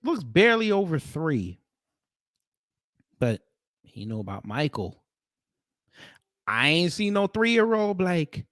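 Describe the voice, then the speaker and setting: A man's voice: a little high, big pitch swings, takes it slowly, long pauses, a bit bright, dry recording, studio quality. A man hosting a livestream, giving casual reaction commentary and repeating short phrases. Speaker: livestream host.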